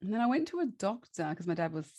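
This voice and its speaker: A woman's voice: mid-range voice, sing-song, quick pace, darkish tone, dry recording, muffled recording. A woman, a guest chatting through a personal story, laughing often and restarting her sentences.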